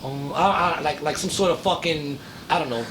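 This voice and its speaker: A man hosting a casual podcast, telling a story in a profane, animated way and acting out the voices of the people in it. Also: normal speed. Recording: noisy recording with low rumble.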